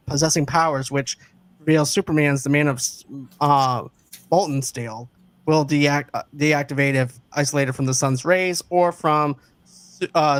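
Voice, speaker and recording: A podcast host reviewing a movie in casual chat, often tripping over words and filling pauses with uh. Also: medium pitch.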